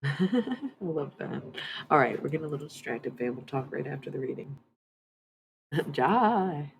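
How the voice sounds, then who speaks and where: A woman's voice: sits low, expressive, fairly quick, gravelly, slight background noise. A woman streaming live, chatting in a rambling way and giving a tarot reading, swearing freely. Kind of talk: casual livestream chat and tarot reading.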